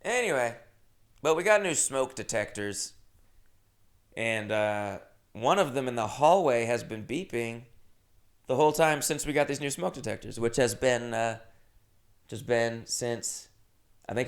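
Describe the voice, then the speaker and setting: A young man chatting casually on his own from his apartment, rambling through anecdotes with animated jumps in volume. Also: medium pitch, measured pace, long pauses. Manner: rambling, animated storytelling with sudden jumps in loudness. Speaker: comedian podcast host. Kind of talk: casual solo chat. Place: his first-floor apartment.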